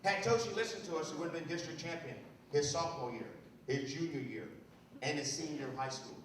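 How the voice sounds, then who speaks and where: Male motivational speaker, high-pitched, storytelling with dramatic pauses, distant mic in a very echoey hall. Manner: storytelling, dramatic pauses, lively acted quotes. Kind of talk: motivational speech to students. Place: large school hall or gym. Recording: very echoey hall, far-off mic, faint noise.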